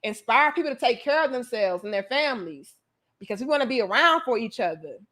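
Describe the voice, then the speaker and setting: A woman's voice: a little high, lively intonation, fairly quick, fairly bright tone. A woman hosting a casual livestream chat, talking emphatically with slang and frequent swearing. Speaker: livestream host.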